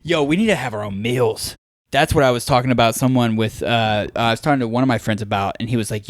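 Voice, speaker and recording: A young man co-hosting a podcast, telling stories in a loose, animated way, leaning on "like" and "dude" as fillers. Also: medium pitch, fast, no echo, clean studio sound. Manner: animated storyteller, heavy filler use of "like" and "dude". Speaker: podcast co-host. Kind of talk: casual chat.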